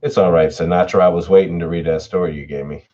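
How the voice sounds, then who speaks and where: A man's voice: low-pitched, fast talker. A man hosting a livestream who reads horror stories aloud and chats casually with his viewers, answering their messages. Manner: relaxed and chatty, reads chat messages aloud. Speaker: horror story narrator and livestream host. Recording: dull lo-fi home audio.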